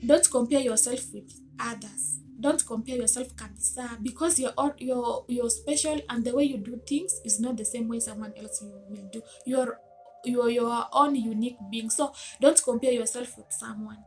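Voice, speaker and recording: A woman speaks straight to the listener in a motivational self-help talk. Her voice sits a little high, and she sounds earnest and coaxing as she presses gentle rhetorical questions. Soft music plays faintly underneath. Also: moderate pace.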